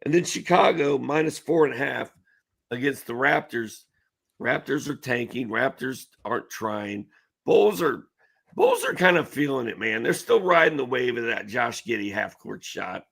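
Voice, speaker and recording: Gravelly man with confident picks. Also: medium pitch, big pitch swings, normal speed, a bit bright. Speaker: co-host. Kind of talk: sports betting chat.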